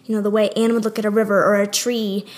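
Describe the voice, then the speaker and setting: A woman's voice: mid-range voice, little pitch movement, fast talker. A young woman talking casually in a conversation, chatty and laughing easily. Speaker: guest.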